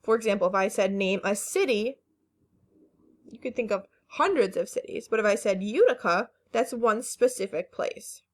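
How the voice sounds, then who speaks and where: Patient woman teacher sounding out words. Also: medium pitch. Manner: slow, careful word-by-word enunciation; patient and encouraging, with fillers. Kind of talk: phonics lesson narration.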